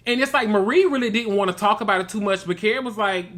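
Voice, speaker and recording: A man's voice: high voice, fast, a bit bright. A man from Mississippi, hosting a casual, gossipy reality TV recap and calling listeners baby and girl. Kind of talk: casual review commentary.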